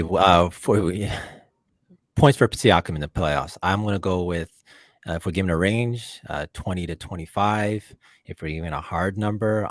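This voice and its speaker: Deep voiced guy on a hoops podcast, slow and measured, lots of ums, dry sound. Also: no echo. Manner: measured, thinking aloud with "uh" and "um". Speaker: podcast guest, fan. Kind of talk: casual sports podcast chat.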